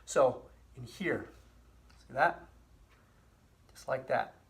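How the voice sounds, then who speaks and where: A middle-aged man hosting a health channel, explaining and demonstrating a hand exercise in a relaxed, repetitive way with frequent fillers. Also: mid-range voice, slow, gravelly. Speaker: physical therapy host. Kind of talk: casual instructional demonstration.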